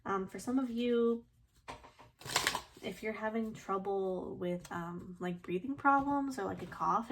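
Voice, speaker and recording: A woman gives her viewers a casual, chatty tarot reading, relaxed and full of loose fillers and soft laughs, her throat slightly itchy. Her voice is mid-range, with background noise.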